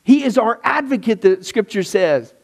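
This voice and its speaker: A man's voice: sits high, animated, normal speed. A man teaching a discipleship class on prayer, enthusiastic and conversational, with frequent asides to his students.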